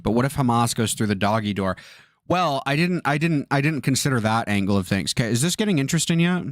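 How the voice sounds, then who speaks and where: A man's voice: medium pitch, animated, quick pace, dry recording, studio quality. A man in his twenties doing livestream commentary from his bedroom, ranting in an exasperated, profane way. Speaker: streamer. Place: bedroom with a fan blowing.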